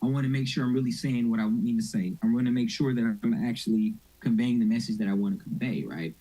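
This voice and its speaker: A husky-voiced middle-aged man teaching a church mental health session. He talks informally and keeps checking whether his listeners are following. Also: mid-range voice, quick pace, warm tone, low-quality recording. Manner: conversational, informal, asks audience questions. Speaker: mental health ministry speaker.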